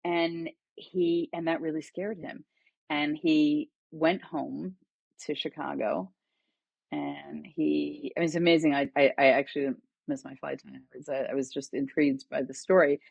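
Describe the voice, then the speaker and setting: A woman's voice: deep voice, normal speed, vocal fry, husky, no room sound, dull audio. A middle-aged woman, a guest author and educator, telling stories in conversation and acting out the dialogue in them. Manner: animated storyteller, acts out quoted dialogue. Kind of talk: conversational storytelling.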